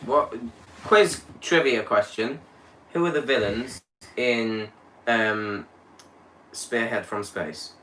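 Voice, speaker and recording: A man's voice: medium pitch, takes it slowly, pauses often, bright, forceful tone, slight background noise. A young man co-hosting a casual chat, teasing and playful, trying out silly accents.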